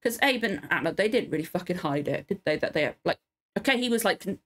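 Her voice lowish and lively, a fast-talking woman reacts at home to a TV episode for a reaction video. She's in tears and sniffling, rambling emotionally and swearing often in casual commentary.

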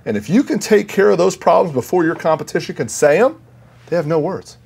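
A man speaking as a sales guest on a business talk show, emphatic and energetic when he explains his sales rules. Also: a little high, fairly quick, creaky, breathy edge. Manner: energetic, emphatic, self-coaching.

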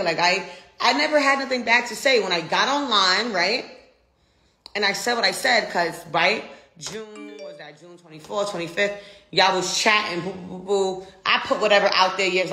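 A woman's voice: lowish voice, sharp tone, reverberant. An American woman ranting defiantly in a casual live video, brash and profane. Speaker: social media personality.

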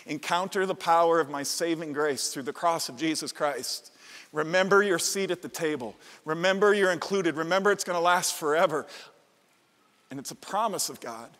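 Middle-aged male pastor, high voice, passionate repetitive preaching, big echoing sanctuary. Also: normal speed, a bit bright. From Midwestern United States. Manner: passionate, emphatic preaching with repeated phrases. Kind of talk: sermon. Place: large church sanctuary. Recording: long church-hall reverb.

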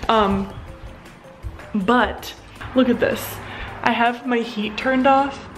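A young woman vlogging casually with excitable, bubbly energy, sometimes dropping to a whisper in public, recorded on a handheld camera. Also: on the high side, slow. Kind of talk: casual vlog chat. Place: at home, then a craft store. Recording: pop music clearly audible behind.

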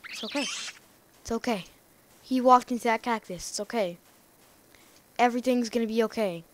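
A woman rambling through casual gameplay commentary, talking excitedly to herself and to the game's characters. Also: a little high, moderate pace, no room sound. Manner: rambling, excitable self-talk to the game. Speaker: let's play gamer.

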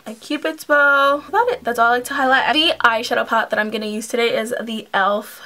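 A young woman talks through her makeup routine in a loose, rambling way, full of "like" and "um". Her voice sits a little high, and she sounds relaxed at home. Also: fairly quick. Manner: chatty, rambling, uses "like" and "um" often. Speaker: beauty vlogger. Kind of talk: casual makeup tutorial.

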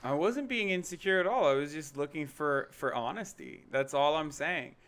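A man's voice: a little high, lively intonation, normal speed, fairly bright tone. A young man hosting a casual live stream, rambling, joking and swearing often. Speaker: streamer host.

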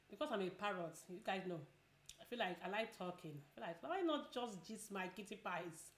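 A woman's voice: mid-range voice, animated, a little fast. Chatty woman in a roomy room. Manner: chatty, repetitive, advice-giving. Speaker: vlogger. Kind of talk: casual chat while eating.

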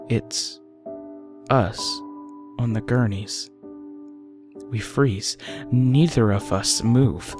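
A man narrating a first-person horror story, often dropping to a hushed, breathy delivery at tense moments. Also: medium pitch. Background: faint music.

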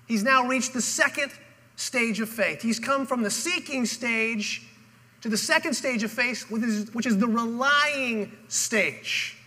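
In a church auditorium with long hall reverb, a male pastor preaches a sermon, telling the story dramatically and acting out its characters. His voice is very high, pushed, and bright.

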